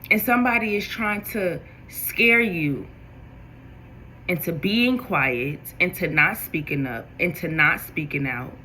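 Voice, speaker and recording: A woman gives a spiritual tarot reading, speaking directly to her viewers. Her voice is bright and forceful, and her delivery is animated. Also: lowish voice, a little slow, slight background noise, low-quality recording. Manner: animated, talks straight to viewers. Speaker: tarot reader.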